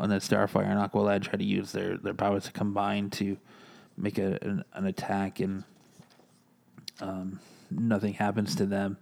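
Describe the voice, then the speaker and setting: Low gravelly man recapping comics. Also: a little mellow. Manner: rambling, many fillers, retells lines in plain voice. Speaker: comic book reviewer. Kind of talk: casual recap and review.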